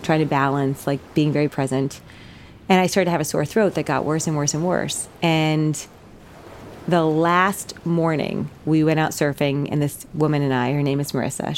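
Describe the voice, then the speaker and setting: A woman's voice: low-pitched, darkish tone, a little hiss or hum. A woman, a company founder, telling a personal story in a candid, rambling way, with fillers and restarts.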